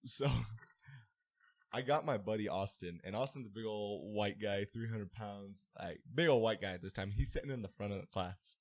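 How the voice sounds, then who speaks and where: A man's voice: fairly low pitch, normal speed. A young man, a podcast co-host, telling a school story in casual chat, acting out voices and laughing often. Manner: animated storyteller, acts out voices loudly, laughs a lot.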